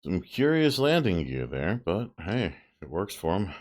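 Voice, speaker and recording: A man's voice: low voice, very animated, a little slow. A male streamer giving chatty, amused game commentary, thinking aloud as he plays.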